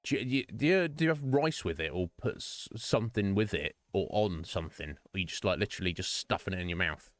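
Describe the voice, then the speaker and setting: Male streamer, lowish voice, loose rambling chatter with casual swearing, dry sound. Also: expressive, fairly quick, few pauses, no echo. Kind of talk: casual live-stream chat. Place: home streaming setup.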